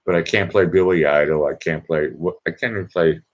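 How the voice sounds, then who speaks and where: A man's voice: sits low, brisk. A man from Boston with a Boston accent, hosting his own livestream show in a casual, joking, rambling way full of fillers. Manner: chatty, joking, meandering with many fillers. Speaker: livestream host. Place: indoors in Vienna.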